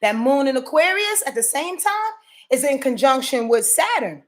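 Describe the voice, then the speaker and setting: A woman's voice: high-pitched, unhurried. A woman from Yonkers, New York, giving a casual astrology forecast. She swears freely and keeps checking that viewers are following her. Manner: profane, animated, addresses viewers directly.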